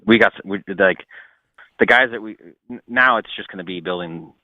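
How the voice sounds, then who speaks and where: Deep male phone guest, halting and casual, tinny line. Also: no room sound. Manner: loose, halting sentences.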